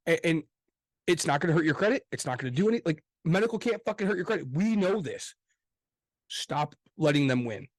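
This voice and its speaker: A man co-hosting a casual podcast chat, swearing freely and talking with loud emphasis. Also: on the high side, lively intonation, brisk, dry recording. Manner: profane, emphatic, gets loud. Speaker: podcast co-host.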